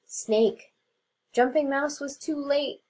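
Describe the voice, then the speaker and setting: A woman teacher narrating a children's storybook aloud in an expressive reading. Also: high voice, slow pace.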